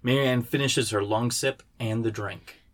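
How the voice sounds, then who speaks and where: A man, the writer, reading the stage directions of his screenplay aloud in a steady way. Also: medium pitch, unhurried.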